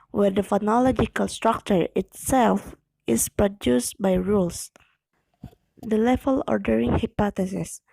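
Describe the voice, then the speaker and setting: A young woman, reading a class presentation aloud with slow, careful delivery and occasional slips. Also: medium pitch, creaky, mellow, no echo, low-quality recording. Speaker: student presenting an exam video.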